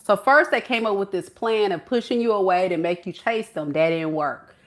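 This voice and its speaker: A woman reading tarot straight to the camera, animated and playful, full of slang and frequent laughter. Her pitch is medium and her speed is normal.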